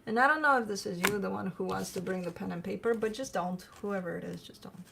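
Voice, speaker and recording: A woman's voice: mid-range voice, fast, gravelly, noisy background. A woman hosting a tarot channel, chatting casually at home, swearing freely and cooing at her dog. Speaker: tarot reader and channel host. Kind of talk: casual chat to camera.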